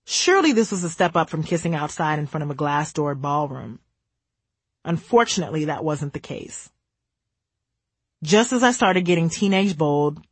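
Husky woman reading a memoir. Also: sits low, dry recording. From United States. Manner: candid, wry storytelling. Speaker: memoir narrator. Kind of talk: audiobook memoir narration.

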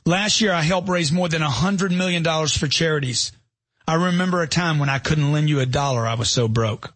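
A middle-aged man speaks in a husky voice that sits a little high for a man. He delivers motivational narration with punchy emphasis and strings of rhetorical questions. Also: a little fast, fairly bright tone, no echo. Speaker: self-help author.

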